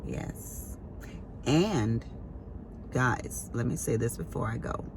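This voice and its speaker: Lively middle-aged woman chatting to viewers. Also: rumbling low, slow, noisy background. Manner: animated storytelling with sharp exclaimed quotes. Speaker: vlogger. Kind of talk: casual chat to camera.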